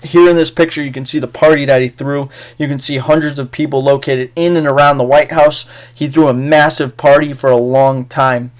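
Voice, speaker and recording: A man's voice: mid-range voice, fairly even intonation, fairly quick, hardly any pauses. A man teaching a casual history lecture in a chatty, jokey way with frequent fillers. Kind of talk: casual recorded class lecture.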